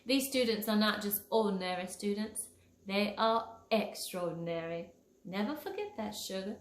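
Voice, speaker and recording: A woman voicing a sweet, prim female fairy who teaches children manners, in a Southern drawl, scolding gently with pet names. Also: mid-range voice, normal speed, natural voice. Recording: echoey room.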